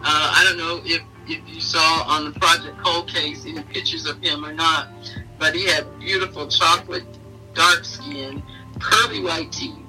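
A middle-aged woman, interviewed as a mother, telling fond family memories in an animated way and laughing often. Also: deep voice, normal speed, faint music behind. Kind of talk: casual storytelling in an interview. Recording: voice heard from a distance.

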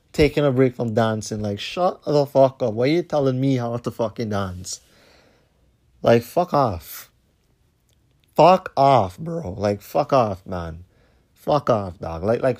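Profane ranting man, heated and repetitive. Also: darkish tone. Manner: profane, repetitive, heated, trails off low at line ends. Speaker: podcast host. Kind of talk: rambling storytelling rant.

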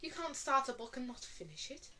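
High, bright, prim woman. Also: very animated, fairly quick, low-quality recording. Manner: prim, overly polite, giggly. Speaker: podcast guest. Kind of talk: improvised comedy chat.

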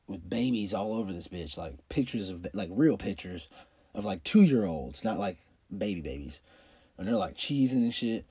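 A man's voice: deep voice, expressive, moderate pace, warm tone, breathy edge. A man in his twenties telling a rambling, profanity-laden personal story full of fillers, coughing with a cold. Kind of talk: casual personal anecdote.

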